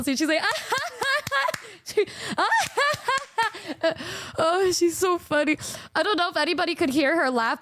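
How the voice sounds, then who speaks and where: A woman streamer chatting casually to her fans, excitable and giggly, swearing freely. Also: high voice, dry recording, studio quality. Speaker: singer and streamer.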